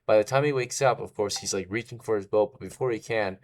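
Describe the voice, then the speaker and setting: A man's voice: fairly low pitch, fast talker. A man narrating as game master in a casual way, often checking in with "right?". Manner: casual, tags lines with "right?".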